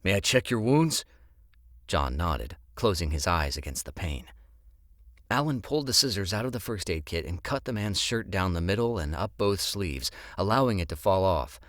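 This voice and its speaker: Deep-voiced male audiobook narrator. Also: moderate pace, no echo, clean studio sound. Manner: expressive storytelling.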